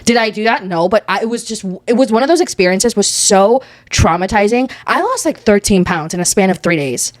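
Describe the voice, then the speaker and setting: A young podcast co-host spills a chaotic story at top speed. Her voice sits dry and close, in a middle pitch. She swears freely and plays up the drama of every moment. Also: expressive, no room sound. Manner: profane, dramatic, fast-flowing storyteller. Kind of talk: casual chat, storytelling.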